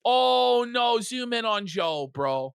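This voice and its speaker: A stream co-host giving casual reaction commentary, excitable and mocking, swearing often and bursting into shouts. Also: mid-range voice, slow, clear, resonant tone.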